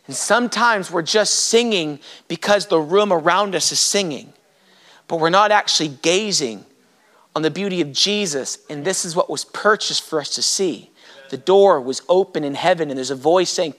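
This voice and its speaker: Man, impassioned sermon, very high voice, bright and forceful, sudden shouts. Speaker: pastor.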